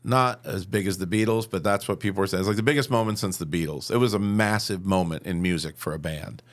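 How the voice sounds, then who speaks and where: Low-voiced storyteller man in his fifties. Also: fast talker. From upstate New York. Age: 50s. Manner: animated storyteller who acts out quotes. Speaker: guest. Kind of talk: personal storytelling.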